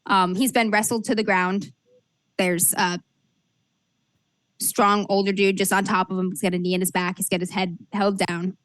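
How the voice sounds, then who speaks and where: A woman's voice: mid-range voice, flat delivery, moderate pace, a bit bright, dry recording. A woman narrating a tabletop role-playing game as game master, describing scenes with frequent fillers and restarts.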